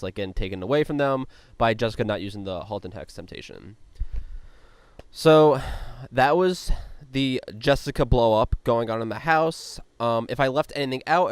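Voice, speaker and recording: A man's voice: mid-range voice, brisk, smooth, no room sound. A man hosting a podcast, recapping a reality show in a chatty way with lots of "like" and frequent swearing. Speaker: podcast host.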